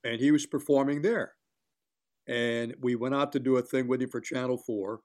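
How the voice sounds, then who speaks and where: A man's voice: mid-range voice, fairly even intonation, normal speed, a little mellow. An older man, a longtime sports broadcaster, telling chatty anecdotes in an interview and acting out what others said. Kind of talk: casual storytelling in an interview.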